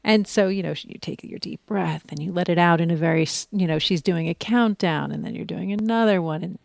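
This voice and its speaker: A woman in casual chat, telling a story with animated quoting, dropping to soft whispers and rising to excited outbursts. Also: on the low side, fairly quick, creaky, dry recording, studio quality. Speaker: podcast guest sharing a retreat experience.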